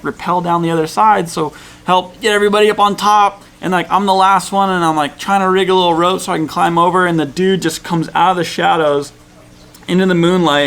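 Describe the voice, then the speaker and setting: A man's voice: a little high, fairly bright tone. A man vlogging about a canyoning trip, talking in a laid-back, rambling way with plenty of fillers. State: cold and tired. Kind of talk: casual vlog storytelling. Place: outdoors in a jungle canyon at dusk.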